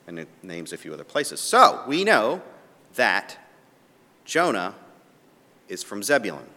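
Animated male preacher in a reverberant hall. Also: lowish voice, measured pace. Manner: animated, swings from soft to emphatic. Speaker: pastor. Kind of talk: sermon.

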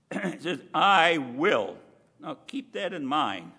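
A man with a somewhat high, gravelly voice preaches a sermon, heard with a long hall reverb. He talks in a conversational, emphatic way, dropping in asides to the listeners and slowing down to lean on key words. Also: big pitch swings, a bit bright.

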